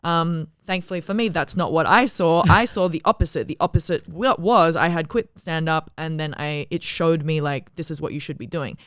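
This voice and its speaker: A woman's voice: low-pitched, normal speed, few pauses, fairly bright tone, dry recording, clean studio sound. An Australian woman, a comedian, chatting on a podcast in a frank, emphatic way with plenty of swearing. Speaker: comedian guest. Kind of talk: casual podcast chat.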